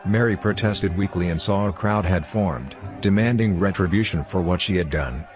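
A man narrating a story in a steady, measured scripted reading. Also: low-pitched, soft background music. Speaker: audiobook narrator.

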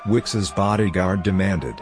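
A man narrating a story in a steady, measured scripted reading. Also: deep voice, over music. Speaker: audiobook narrator.

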